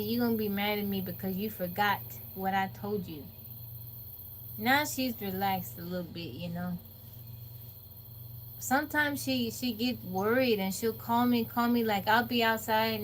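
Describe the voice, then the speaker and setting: Speaking at a moderate pace in a medium-pitched voice, a livestream host chats with live viewers from her off-grid home. She's an animated storyteller who acts out quotes and laughs a lot. A little hiss or hum can be heard.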